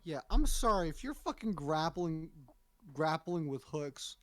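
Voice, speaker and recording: A man's voice: fairly high pitch, big pitch swings, unhurried, fairly bright tone, no echo. A young man co-hosting a podcast, bantering casually and swearing, with a mock-sad tone. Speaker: podcast co-host. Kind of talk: casual chat.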